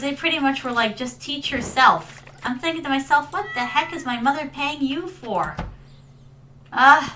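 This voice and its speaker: Chatty woman streamer, high bright-pitched voice, sprinkles in Japanese words and endearments, steady noisy background hiss. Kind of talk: casual live-stream gameplay chat.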